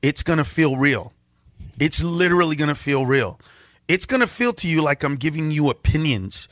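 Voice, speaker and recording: A male comedian guest telling an animated story on a talk radio show, acting out voices and laughing often. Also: a little high, normal speed, dry recording, highs cut off. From Mexican-American.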